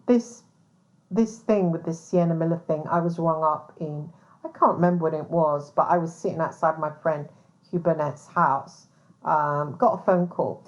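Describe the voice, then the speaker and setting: A low-voiced woman, a private investigator who hosts a podcast, delivers a casual monologue at a moderate pace. She's blunt and swears often, with frequent "um"s and restarts, and the recording sounds dull and lo-fi.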